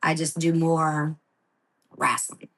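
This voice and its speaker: Woman, lowish voice, lively storyteller, quotes people in play-acted voices. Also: slow pace, slight background noise, rough recording. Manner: lively storyteller, acts out quotes, laughs, swears. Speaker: wrestling guest. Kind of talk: casual podcast interview.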